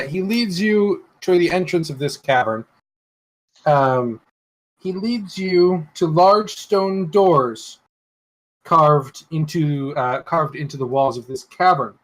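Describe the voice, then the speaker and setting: Game master narrating a tabletop scene. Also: medium pitch. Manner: measured descriptive narration.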